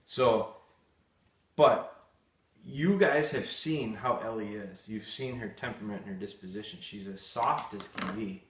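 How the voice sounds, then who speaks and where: A man's voice: lowish voice, unhurried. A man hosting a live dog-training session, answering viewer questions in a candid, blunt, storytelling way. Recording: echoey room.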